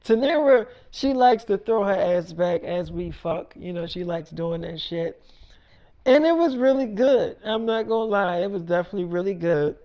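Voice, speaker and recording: A woman's voice: mid-range voice, animated, moderate pace, mellow. A woman telling an improvised first-person story in a crude, rambling, repetitive way.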